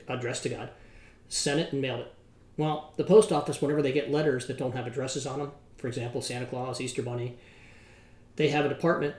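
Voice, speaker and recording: Middle-aged male podcast host, folksy storyteller, mid-pitched voice, echoey room. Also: a little mellow. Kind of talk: podcast monologue with a told joke. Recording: roomy echo.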